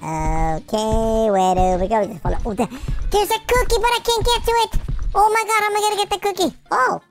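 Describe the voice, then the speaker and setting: A goofy, excitable gameplay commentator talking over a game, jumping between shouts and mutters. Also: medium pitch, brisk. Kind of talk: let's-play commentary. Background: game music.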